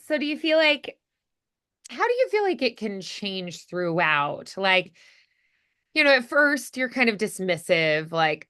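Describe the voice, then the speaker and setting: A woman's voice: medium pitch, sing-song, a little slow, pushed and bright, clear, resonant tone. A woman coaching a voice acting student in a chatty, casual way, with lots of "you know" and "like".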